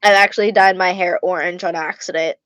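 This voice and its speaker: A woman's voice: fairly low pitch, fairly even intonation, a little fast, a bit bright, a little hiss or hum. A young woman vlogger answering fan questions in a casual way, blunt, laughing often and swearing freely. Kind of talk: casual Q&A vlog.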